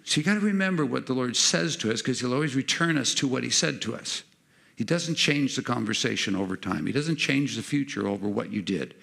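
A man preaching a sermon, animated and acting out the voices he quotes. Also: mid-range voice, a little fast, gravelly.

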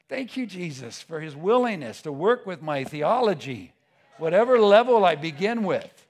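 A man preaching a sermon with passion, dropping to a hush and rising to a shout, with frequent stammers and restarts. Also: sits high, sing-song, normal speed, creaky. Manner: impassioned, swings from hushed to shouting.

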